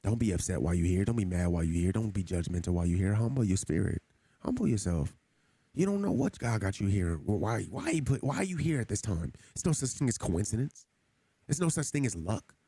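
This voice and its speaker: A man's voice: fairly low pitch, very animated, brisk, warm tone, husky, dry recording. A man streaming a game who talks casually to his chat in an earnest, preachy way, often repeating himself. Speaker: gaming streamer. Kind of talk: casual livestream talk to chat.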